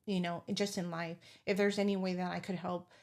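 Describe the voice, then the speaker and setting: A woman's voice: lowish voice, little pitch movement, brisk, a little mellow. A woman guest on a podcast, telling heartfelt stories in a rambling way full of fillers. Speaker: guest, business owner. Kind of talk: casual interview chat.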